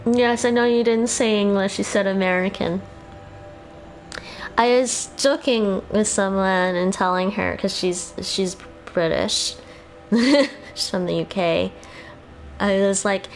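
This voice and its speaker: A woman's voice: medium pitch, measured pace, soft background music. A Canadian woman chatting casually while streaming a game, a little tired, thinking aloud and laughing often.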